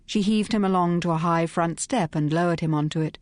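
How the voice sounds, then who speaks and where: A woman with a lowish voice narrates a period mystery novel, brisk and crisp with a wry edge. The recording is close and dry, with no room sound. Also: no echo. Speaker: audiobook narrator. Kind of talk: scripted narration.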